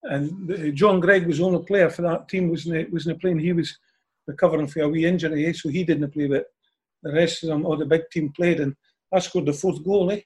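A man's voice: on the high side, fairly even intonation, fairly quick, slightly rough. An older man with a Scottish accent, an interview guest telling anecdotes in a chatty way and ending phrases with a questioning "eh?". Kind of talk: anecdotal storytelling.

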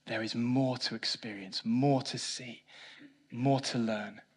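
A man preaching a sermon, swinging between loud emphatic lines and quiet low ones, with a self-mocking touch. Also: husky. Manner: animated preaching, rising loud for emphasis then dropping soft. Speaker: pastor.

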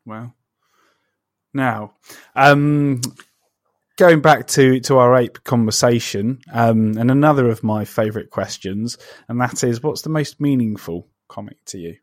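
A man hosting a podcast interview who asks his questions slowly and deliberately. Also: mid-range voice, no echo, studio quality. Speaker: podcast host. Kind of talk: casual interview.

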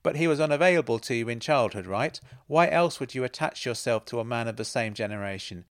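A man's voice: mid-range voice, expressive, quick pace, close to an everyday voice. A man voicing a playful, self-assured woman who teases and mocks. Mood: knowing. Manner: teasing, knowing, laughs at others.

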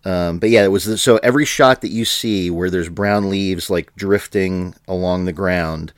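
A man's voice: deep voice, normal speed, dry recording, clean studio sound. A man co-hosting a podcast in casual chat, rambling with frequent fillers and laughs. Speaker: podcast co-host.

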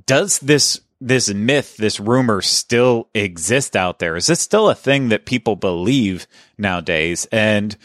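A man's voice: on the low side, animated, measured pace, fairly bright tone, no echo, clean studio sound. A man hosting a casual podcast, chatting in a conversational way and often correcting himself mid-sentence. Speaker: podcast host.

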